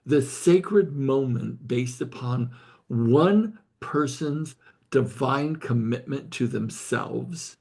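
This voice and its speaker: A man's voice: mid-range voice, slow, vocal fry, a little mellow, breathy edge. An older man leading a study group, telling a story earnestly and tearfully, often repeating and restarting his words. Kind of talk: emotional storytelling in a group call.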